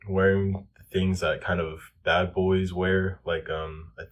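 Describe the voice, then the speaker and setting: A man's voice: low-pitched, level tone, slow, a little hiss or hum. A young man giving casual self-improvement advice, loose and full of "like" and "um". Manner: loose, filler-heavy, lots of "like" and "um".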